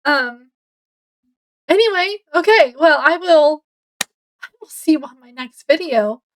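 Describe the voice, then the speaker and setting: A woman's voice: high voice, expressive, slow, slight background noise. A woman, rambling casually to camera at home as a book vlogger, with lots of fillers. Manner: rambling, chatty, many fillers. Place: home, indoors.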